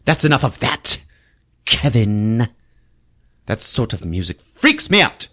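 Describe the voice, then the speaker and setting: A man's voice: mid-range voice, big pitch swings, measured pace, sharp tone, full character voice. Man putting on a purring snake-woman villain. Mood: teasing.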